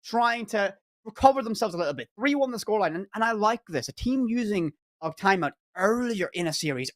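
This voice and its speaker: A man with an Irish accent giving energetic live esports commentary, stressing words by repeating them. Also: high voice. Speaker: esports caster.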